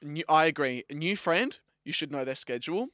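A man's voice: on the high side, animated, brisk, bright, forceful tone, no echo, studio quality. A young man co-hosting a casual podcast, arguing his point with playful mock outrage. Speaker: podcast co-host. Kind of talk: casual chat.

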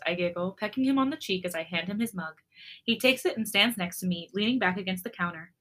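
A woman's voice: mid-range voice, brisk. A woman co-hosting a podcast, reading a fan fiction love story aloud with a light, giggly manner. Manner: giggly, reacts with laughter, steady storybook reading.

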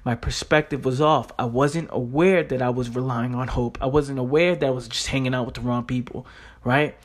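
A man of ordinary, middle pitch talks straight into the mic for his motivational podcast. He is blunt and profane, hammers his points by repeating them, and keeps checking in with the listener by asking "right?". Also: fairly even intonation, moderate pace. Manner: repeats himself for emphasis. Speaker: podcast host.

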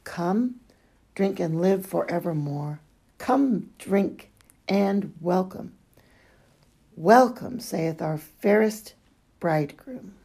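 A woman reading devotional letters aloud in a fervent, drawn-out way, with hushed passages. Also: lowish voice, creaky, breathy edge. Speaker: reader.

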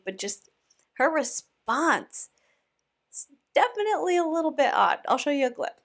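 A woman's voice: high-pitched, big pitch swings, a little slow. Woman giving casual online commentary. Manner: conversational, opinionated, with restarts. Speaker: commentary YouTuber.

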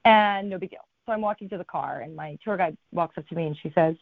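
A woman telling a long travel story as an interview guest, her telling lively, with people's words acted out. The sound is thin and phone-like, with no room echo at all. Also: lowish voice, fast, gravelly, hardly any pauses. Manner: animated storyteller, acts out quotes. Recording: thin phone-like line, dry.

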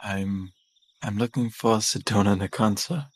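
A man's voice: fairly low pitch, steady tone, measured pace, slightly rough, no echo. A man playing a tabletop game, speaking plainly both in and out of character. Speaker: player.

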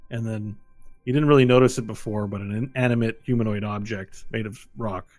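A man with a lowish voice narrates as game master of a tabletop game. He describes each scene loosely and fills the gaps with casual filler phrases. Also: fairly even intonation, brisk, darkish tone, faint music behind.

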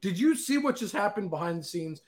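A man's voice: sits high, fairly quick, a loud crowd. A man hosting a sports talk show, teasing his co-hosts in casual chat. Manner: teasing, animated.

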